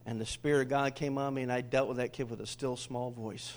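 With a mid-range voice and a fairly quick delivery, a middle-aged pastor preaches animatedly. He gets the congregation going in call-and-response and shifts between booming statements and softer asides.

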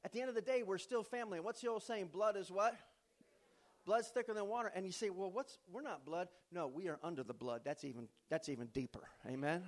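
A man's voice: sits high, animated, brisk. A male pastor preaching a homecoming sermon in a church, telling stories with folksy humor and preacher's emphasis. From not from the American South.

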